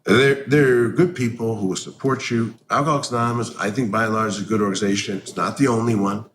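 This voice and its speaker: A man's voice: lowish voice, fairly even intonation, fast talker, a bit bright, slight background noise. A man speaking bluntly and profanely in a candid conversation, getting heated as he talks. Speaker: interview guest.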